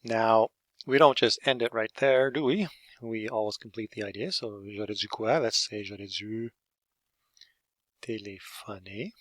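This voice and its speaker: A man's voice: on the low side, a little slow, dry recording. A man, a French speaker, teaching an English grammar lesson step by step and checking in with "okay?" and "eh?".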